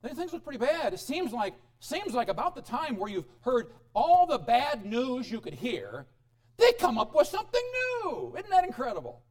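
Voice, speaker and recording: A man preaching a sermon as pastor, animated, swinging between loud exclamations and quiet asides. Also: very high-pitched, moderate pace. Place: church.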